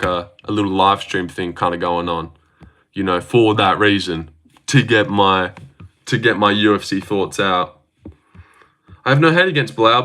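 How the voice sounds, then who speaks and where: An excitable Australian man rambles on his live stream, swearing freely and answering his chat aloud. His voice sits a little low but sounds bright and forceful.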